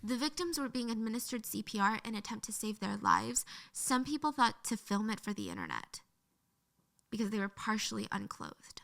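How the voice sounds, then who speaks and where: Woman narrator, high bright voice, earnest true-story telling. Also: sing-song, moderate pace, creaky. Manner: earnest, emotional retelling.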